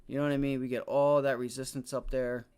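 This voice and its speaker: A man's voice: level tone, fast, clean tone. Frustrated swearing man trading live. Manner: frustrated, swearing heavily, shouting outbursts; muttering to himself, low and deflated. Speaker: day trading livestreamer. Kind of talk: live trading stream commentary.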